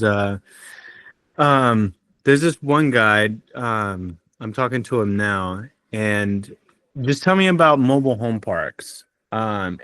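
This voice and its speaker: A man's voice: on the low side, a bit bright, no echo. A man calling into a live Q&A, friendly and laughing easily, with many "um"s. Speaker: caller and student. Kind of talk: casual Q&A question.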